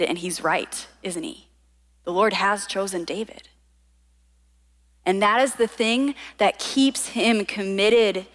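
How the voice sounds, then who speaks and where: A young woman giving a casual, conversational sermon full of quick asides. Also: medium pitch, fairly bright tone, long reverb tail. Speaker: preacher.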